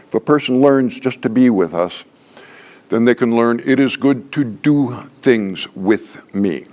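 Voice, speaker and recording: An older man gives a training talk to a small group at a middle pitch. He speaks in a folksy, joking way and repeats each key phrase for emphasis. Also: unhurried, a little mellow. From Canada. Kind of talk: workshop lecture.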